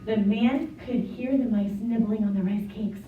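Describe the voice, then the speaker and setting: A woman telling a children's story in an animated way, inviting the children to join in. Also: mid-range voice, moderate pace. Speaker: storyteller and teacher. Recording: echoey, distant, dull, piano behind.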